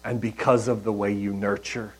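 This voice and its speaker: A man preaching a sermon in a conversational, storytelling way, with soft asides. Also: lowish voice, flat delivery, moderate pace, husky, poor audio. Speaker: pastor.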